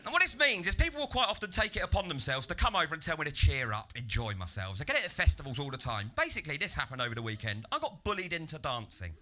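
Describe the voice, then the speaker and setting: Bright, animated stand-up comedian. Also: male voice, on the high side, fast talker, hardly any pauses. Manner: deadpan setups that burst into loud, ranting act-outs. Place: comedy club stage.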